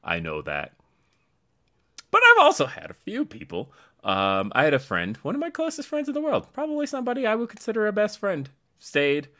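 A man co-hosts a casual podcast with a bright, forward voice. His pitch swings widely as he tells stories and acts out quoted lines. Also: a little fast. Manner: animated storytelling, acting out quotes. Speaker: podcast co-host. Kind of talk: casual storytelling chat.

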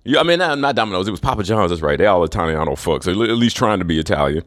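Low-voiced man ranting scornfully. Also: animated, racing, a bit bright, no echo, clean studio sound. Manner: profane, scornful, chuckles between remarks. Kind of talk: rambling rant monologue.

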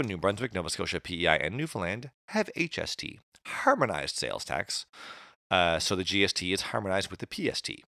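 A man's voice: lowish voice, bright, forceful tone, no room sound, clean studio sound. A man from Atlantic Canada co-hosting a casual podcast, reading facts from notes with jokey asides. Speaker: podcast co-host.

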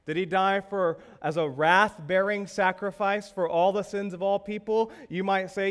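A man's voice: sits high, fairly even intonation, moderate pace, hardly any pauses, a bit bright, clear, resonant tone. A male pastor preaching a sermon, asking the congregation rhetorical questions with emphasis.

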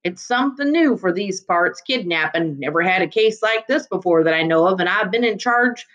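A woman's voice: medium pitch, expressive, normal speed, fairly bright tone, lo-fi sound, lightly acted. A woman voicing a chatty, folksy small-town male constable with a rural drawl.

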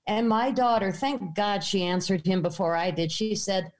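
A middle-aged American woman telling a personal story in a lively way, acting out the voices of the people in it. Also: mid-range voice, normal speed, hardly any pauses. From United States. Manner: animated, acts out quotes.

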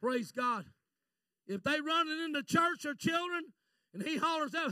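Man, Pentecostal preacher, fervent, shouting then hushed, high voice. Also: expressive, normal speed, no echo. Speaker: visiting preacher. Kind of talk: Pentecostal sermon.

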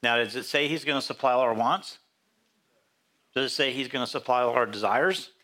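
Speaking briskly with a sharp tone and medium pitch, a male pastor leads a casual, interactive Bible study. He keeps it conversational, putting questions to his congregation.

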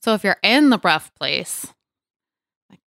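A woman's voice: mid-range voice, sing-song, unhurried, gravelly, a bit bright, no room sound, clean studio sound. A young adult woman hosting a casual faith podcast, talking in an earnest, chatty way with many fillers. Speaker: podcast host.

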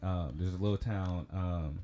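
Guy telling a long story, low mellow voice, um and like everywhere, faint music under it. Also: a little slow. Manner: rambling, chatty, laughs often, lots of fillers. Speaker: podcast host. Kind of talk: casual storytelling.

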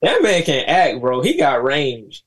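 A man's voice: a little high, huge pitch swings, unhurried, a crowd in the background. A man co-hosting a casual podcast chat, laid-back with loose, filler-heavy talk.

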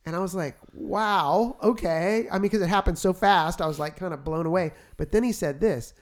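A man co-hosting a faith-based chat, retelling his experiences in an animated, storytelling way. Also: high voice, fast. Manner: animated storyteller, gets excited retelling events.

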